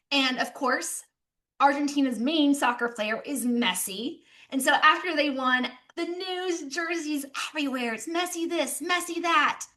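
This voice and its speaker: A young American woman giving an animated business presentation, mixing practical points with playful travel stories. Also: on the high side. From United States. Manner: lively, animated storytelling with playful asides. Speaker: speaker at a business session. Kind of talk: presentation talk.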